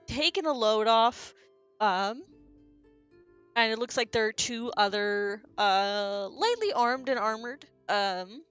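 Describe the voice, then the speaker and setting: A woman's voice: fairly high pitch, expressive, slow pace, a bit bright, clean tone, lo-fi sound, soft background music. A woman acting as game master, describing scenes loosely and with many fillers. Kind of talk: narrating a tabletop game.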